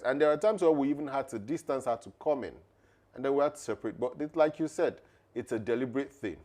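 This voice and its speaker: A man's voice: mid-range voice, lively intonation, fairly quick, darkish tone. A man co-hosting a podcast, talking emphatically and laughing often. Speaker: podcast co-host. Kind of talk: conversational podcast talk.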